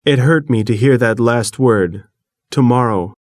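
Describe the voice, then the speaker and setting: A man reading an audiobook in the first person, measured and earnest, recorded close to the mic. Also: mid-range voice, no echo. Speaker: audiobook narrator. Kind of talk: first-person scripted narration.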